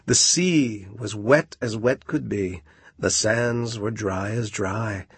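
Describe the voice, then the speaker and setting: A man reading a storybook poem aloud in a measured, sing-song recital. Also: fairly low pitch, slightly rough, dry recording.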